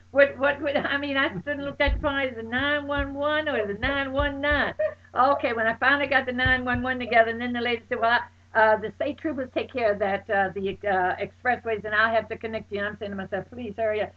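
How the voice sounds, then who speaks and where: A woman telling a story about her night out, bursting into loud exclamations and acting out her friends' voices. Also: fairly high pitch, fairly even intonation, quick pace. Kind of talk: animated personal anecdote. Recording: dull lo-fi recording.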